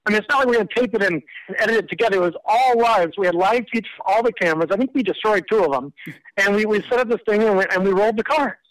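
A man in his forties, a guest on the line, telling old workplace stories in a quick, animated way with laughs. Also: high-pitched. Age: 40s. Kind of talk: casual storytelling interview. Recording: distant, phone-like audio.

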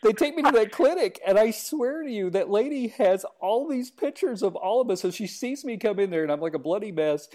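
Man telling a lively story. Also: high voice, brisk, hardly any pauses. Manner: lively anecdote telling, imitating voices. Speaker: host. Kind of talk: casual chat, storytelling.

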